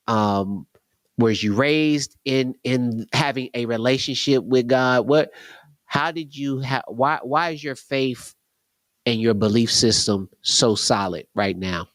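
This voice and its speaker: A male host asks a long, hesitant question, stopping and restarting several times. His voice is at an everyday middle pitch. The recording is dry and close. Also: dry recording. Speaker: podcast host. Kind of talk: casual interview conversation.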